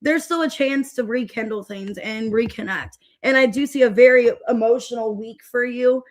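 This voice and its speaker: A woman's voice: fairly high pitch, normal speed. A young woman giving a casual, rambling tarot reading and greeting viewers by name as she goes. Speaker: tarot reader.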